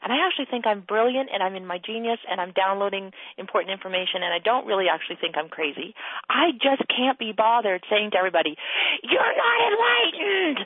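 A woman hosting a casual coaching conversation, giving blunt advice, swearing freely and acting out quotes in a high playful voice. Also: quick pace, no room sound. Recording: tinny phone-line sound.

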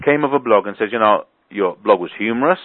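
This man's voice is lowish, expressive and quick, captured dry through a tinny phone connection. He's running a business conference call in a loose, chatty way, wandering off on tangents and doubling up words for emphasis.

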